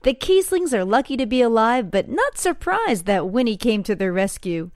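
A woman reporter reading a scripted news item in an even, read-aloud way. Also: on the high side, moderate pace, no room sound, studio quality.

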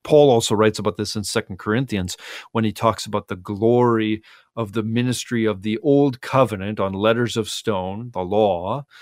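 Man, pastor, low voice, dry close sound, earnest Bible teaching. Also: dry recording. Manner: earnest, teacherly, paraphrasing scripture in lively quoted voices. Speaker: pastor, guest on a radio talk show. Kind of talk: unscripted Bible commentary.

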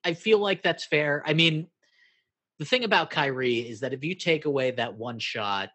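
A man's voice: fairly high pitch, normal speed, sharp tone, slightly rough, no room sound. A man from Brooklyn co-hosting a casual podcast, thinking aloud and hedging with "like". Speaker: podcast co-host. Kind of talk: casual chat.

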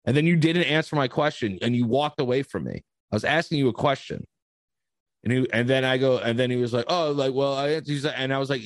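A man on a podcast telling a story in casual chat, profane and animated, acting out the dialogue. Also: mid-range voice, fairly quick, no echo. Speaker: podcast host.

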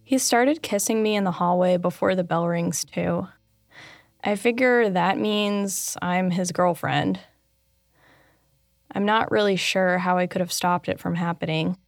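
A woman telling her own memoir as scripted first-person narration, candid, dry and deadpan. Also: on the low side, unhurried, vocal fry, dry recording.

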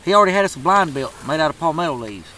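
A man's voice: on the high side, lively intonation, rapid-fire, pushed and bright, slight background noise, low-quality recording. A man telling a turkey hunting story in a drawling, profane, laid-back way. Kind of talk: casual storytelling.

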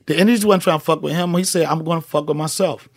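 A man's voice: on the high side, fast talker, no room sound, studio quality. A middle-aged male comedian, telling emphatic, profane stories as a podcast guest. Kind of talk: casual podcast chat.

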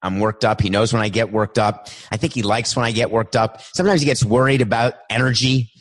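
Man, podcast host, emphatic, worked-up, mid-pitched voice, solo monologue. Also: steady tone, a little fast.

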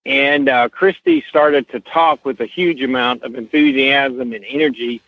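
A middle-aged man with a slow Southern Kentucky accent, telling stories as an interview guest, unhurried with many fillers. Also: medium pitch. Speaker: guest, horse association president. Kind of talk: casual podcast interview, storytelling. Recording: tinny phone-line sound.

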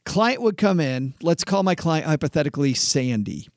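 A middle-aged man, a former financial planner, chatting casually on a podcast and acting out an anecdote with lively delivery. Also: fairly high pitch, moderate pace, dry recording, clean studio sound. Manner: animated storyteller, acts out clients. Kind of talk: casual chat.

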